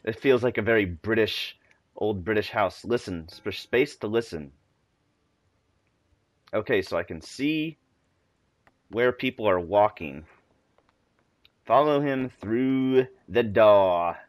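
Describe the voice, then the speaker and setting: A man's voice: fairly low pitch, expressive, measured pace, pauses often, no room sound. A man commenting in a jokey manner as he plays a video game, reacting aloud. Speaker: gaming video host. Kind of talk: let's play commentary.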